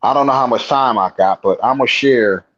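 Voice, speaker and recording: A man's voice: medium pitch, moderate pace, fairly bright tone, lo-fi sound. A man, a guest on the show, telling his own encounter in a rambling, colloquial way with frequent restarts. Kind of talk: casual storytelling.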